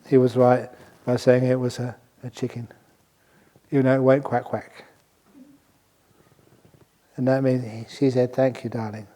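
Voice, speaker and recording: A man's voice: mid-range voice, warm tone. An older man, a monk, giving a dharma talk to a retreat audience, telling a humorous story and often chuckling. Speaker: monk teacher.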